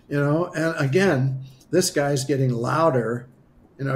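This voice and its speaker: A man with a gravelly, creaky voice recounts a personal story in an interview. He talks conversationally, full of asides and restarts, and he animatedly acts out what he once said. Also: mid-range voice, normal speed, a little hiss or hum. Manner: animated, acts out his own past dialogue. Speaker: spiritual healer guest.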